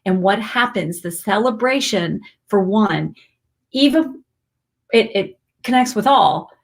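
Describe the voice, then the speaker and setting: Woman, forties, livestream host, heartfelt, rambling, excited greetings. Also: medium pitch, slow, vocal fry. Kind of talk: emotional live stream chat.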